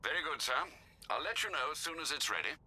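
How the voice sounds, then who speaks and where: In a video game, a polite older butler answers with formal courtesy. His voice is bright and sharp, lilting up and down. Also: a little high, very animated, fast, slight background noise, heavily acted. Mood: courteous.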